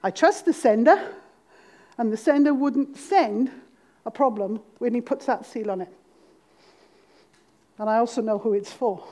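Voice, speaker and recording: A middle-aged Welsh woman with a Welsh accent, preaching a sermon to a congregation with humor and dramatic pauses. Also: on the high side, warm tone. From Wales.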